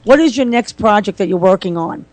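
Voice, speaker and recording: A woman's voice: medium pitch, animated, a little mellow, dry recording. Chatty woman radio host, dry studio. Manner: chatty, quick. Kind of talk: casual radio interview.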